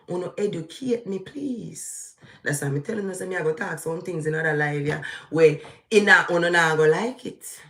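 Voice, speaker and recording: A middle-aged Jamaican woman with a Jamaican accent, giving heated live political commentary that swings between slow, emphatic outbursts and quick asides in patois. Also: fairly low pitch, echoey room. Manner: animated, ranting, shifting into patois. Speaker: vlogger.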